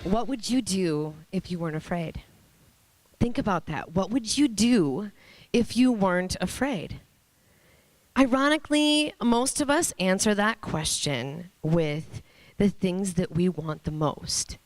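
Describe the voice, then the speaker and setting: A woman in her thirties giving an earnest, storytelling motivational talk on stage, pausing for emphasis. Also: mid-range voice, no room sound. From Minnesota, USA. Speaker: motivational speaker. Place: stage before an audience.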